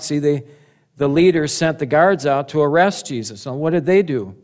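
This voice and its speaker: A man preaching a sermon, animated, asking rhetorical questions and chuckling at his own points. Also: on the high side, moderate pace. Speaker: pastor.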